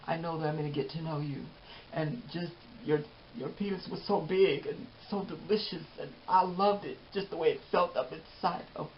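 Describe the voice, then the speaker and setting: A man voicing a tearful, lovesick young woman in a soft, raised, breathy plea, on dull lo-fi audio. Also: a little high, fairly even intonation, moderate pace, a little hiss or hum, natural voice. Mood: pleading.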